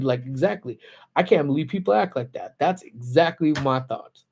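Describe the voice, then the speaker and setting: Man host telling a story on a lunchtime livestream, laid-back and slangy, mid pitch. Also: moderate pace, creaky, a little mellow. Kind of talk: casual storytelling. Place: parked car.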